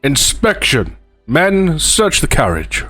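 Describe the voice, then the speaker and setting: A man's voice: huge pitch swings, slow, bright, forceful tone, no echo, faint music behind, exaggerated voice. A stern guard captain, as a man puts him on barks his orders in a pushed-up, commanding voice. Every line comes across as a clipped command, recorded close and dry. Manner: barking orders, raised pitch. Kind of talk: let's play voice reading.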